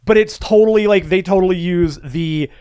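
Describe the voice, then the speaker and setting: Middle-aged male co-host, casual game chat, higher pitch, rambling delivery. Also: normal speed, dark tone, clean tone, no echo, clean studio sound. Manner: rambling, many restarts and fillers. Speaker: podcast co-host. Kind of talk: casual chat about video games.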